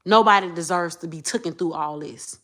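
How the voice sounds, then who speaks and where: A vlogger talks straight to camera in an emotional rant, circling back over the same points and veering from mutters to shouting. She speaks fairly quickly.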